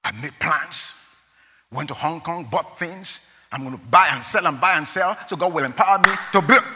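Lively, bright-voiced male pastor preaching. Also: on the high side, a little fast. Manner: animated, exclaiming, storytelling with laughter. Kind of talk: sermon. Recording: long hall reverb.

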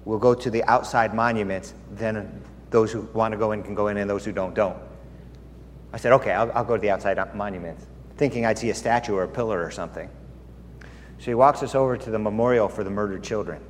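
A man's voice: on the low side, fast talker, slight background noise. A man preaching as a pastor, earnest and confiding as he tells a personal story within a sermon. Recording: long hall reverb, faint ambience.

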